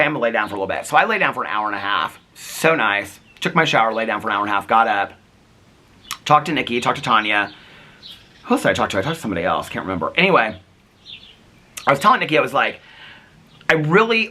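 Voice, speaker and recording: Male vlogger, lively swooping delivery, chatty storyteller. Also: medium pitch, quick pace. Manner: chatty storyteller, acts out quotes, laughs often. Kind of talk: casual chat.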